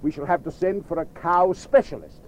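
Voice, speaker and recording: A man voicing a kindly, puzzled male country cow doctor who speaks calmly and plainly. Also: fairly high pitch, moderate pace, slight background noise, close to an everyday voice.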